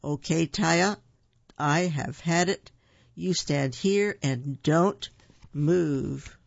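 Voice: mid-range voice, drawn-out words, vocal fry, dry recording, full character voice. A storyteller voicing a stern but loving father who scolds firmly, in a dull lo-fi recording.

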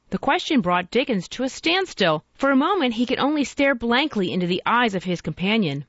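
A woman narrating a story aloud in a measured, expressive reading. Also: on the high side, no room sound, highs cut off.

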